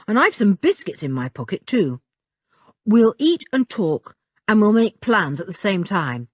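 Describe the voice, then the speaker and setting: A woman reading an audiobook, voicing a sensible older boy who speaks gently and steadily. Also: mid-range voice, sing-song, unhurried, no echo, studio quality. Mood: calm.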